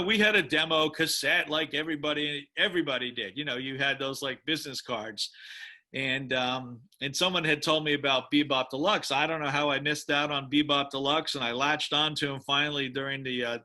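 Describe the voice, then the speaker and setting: Animated storytelling man with a bright voice. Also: medium pitch, moderate pace. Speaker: musician and drummer. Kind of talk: storytelling interview.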